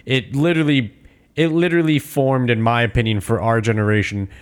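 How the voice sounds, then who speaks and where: Animated, swearing man, mid-range voice. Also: medium pitch, smooth. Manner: animated and swearing, quick to agree. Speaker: podcast co-host. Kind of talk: casual film review chat.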